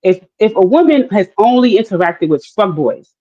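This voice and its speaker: Woman panelist, animated debater, mid-pitched, lo-fi muffled audio. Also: moderate pace. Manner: animated, acts out quoted voices, many fillers. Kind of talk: casual debate. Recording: dull lo-fi audio.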